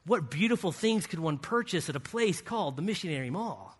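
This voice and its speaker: A man giving a guest sermon in a church, telling a lively story with playful asides. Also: sits high, fairly quick, hardly any pauses, husky. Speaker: guest speaker. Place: church sanctuary. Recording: reverberant church hall.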